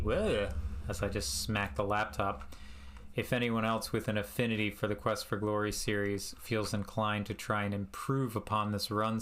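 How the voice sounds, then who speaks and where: A man's voice: lowish voice, a bit bright. A man giving casual gameplay commentary as a streamer, self-mocking and muttering his in-game commands aloud. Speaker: speedrunner and streamer.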